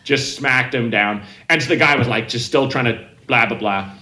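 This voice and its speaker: Bright-voiced man telling rambling stories. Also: medium pitch, moderate pace, reverberant, poor audio. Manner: rambling, self-interrupting anecdotes with quoted voices. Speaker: comedian guest. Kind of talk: casual podcast storytelling.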